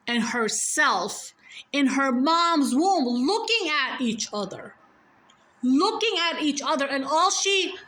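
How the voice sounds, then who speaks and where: Slow, bright-voiced woman telling a story. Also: high-pitched, low-quality recording. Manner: rambling, self-correcting, swears freely. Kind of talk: casual personal storytelling.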